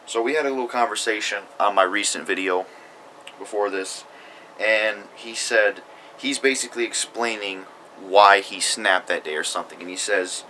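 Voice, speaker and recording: A man's voice: on the low side, steady tone, moderate pace, pushed and bright, slight background noise, rough recording. A young man ranting angrily to camera in a profane vlog, reading out comments and arguing back. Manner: reads comments aloud. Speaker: YouTuber. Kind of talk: angry vlog rant.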